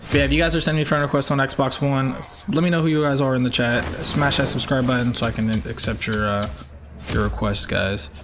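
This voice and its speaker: A man's voice: mid-range voice, fairly even intonation, brisk, background noise. A young man from Georgia, chatting upbeat with viewers as he live-streams a racing game from home.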